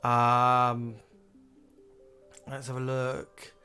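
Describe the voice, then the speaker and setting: A man co-hosting a relaxed live stream, chatting about old favourite shows. He reads viewers' comments aloud, with plenty of ums along the way. Faint music plays behind him. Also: mid-range voice, drawn-out words, smooth. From England. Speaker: co-host. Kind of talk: casual chat reading viewer comments.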